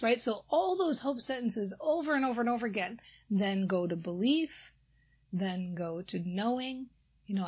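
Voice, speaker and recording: Husky woman giving a motivational talk. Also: on the high side, animated, moderate pace, dull audio. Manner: earnest, coaching, acts out sample sentences.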